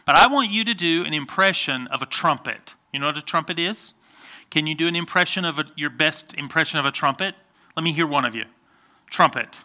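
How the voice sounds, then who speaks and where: Bright-voiced pastor coaxing children. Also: male voice, a little high, fairly quick. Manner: playful, coaxing children by name. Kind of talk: children's sermon.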